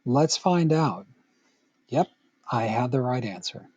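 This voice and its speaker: Slow, husky-voiced male Latin teacher. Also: mid-range voice, expressive, darkish tone, highs cut off. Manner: slow, patient, playful asides to the student. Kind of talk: recorded grammar lesson.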